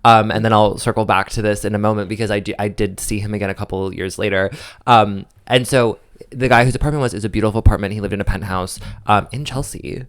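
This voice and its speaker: A man's voice: on the low side, fast talker, smooth, no room sound, clean studio sound. Campy young man telling a story. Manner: animated, campy storytelling with quoted voices. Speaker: podcast co-host. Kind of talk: casual chat, storytelling.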